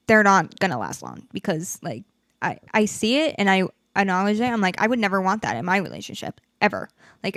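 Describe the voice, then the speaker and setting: Young woman ranting on her podcast, swears a lot, mid pitch, dry close sound. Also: no room sound. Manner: frank and profane, animated venting. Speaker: podcast host. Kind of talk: candid solo podcast chat.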